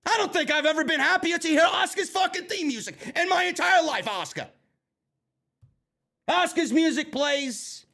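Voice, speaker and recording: Man, very high voice, profane sarcastic rant, show reviewer. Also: expressive, moderate pace, creaky, pushed and bright. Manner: angry, sarcastic, heavy swearing.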